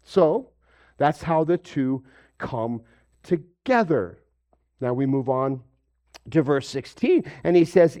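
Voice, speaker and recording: A man's voice: slow pace, long pauses, muffled recording. A man preaching a sermon as pastor, asking his listeners questions and acting out the lines he quotes. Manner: animated, acts out quoted voices with big pitch jumps; asks the congregation questions.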